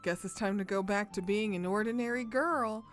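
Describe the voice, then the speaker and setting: A woman's voice: medium pitch, moderate pace, soft background music, pitched below the performer's own voice, close to an everyday voice. A woman voicing a young female street fighter from a game, who speaks in a wistful, matter-of-fact way. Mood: resigned.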